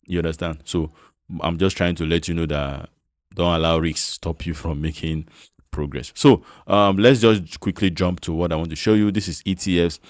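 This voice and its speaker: A man's voice: low voice, steady tone, moderate pace, dry recording, clean studio sound. A man with a Nigerian accent hosting a casual finance tutorial, chatty and coaxing, often checking that the listener follows along. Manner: chatty, repeats "you understand?", coaxing. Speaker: investment channel host.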